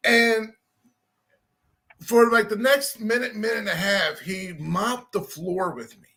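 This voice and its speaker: A man's voice: high voice, steady tone, unhurried, sharp tone. A man telling a rambling, self-deprecating story in a casual chat.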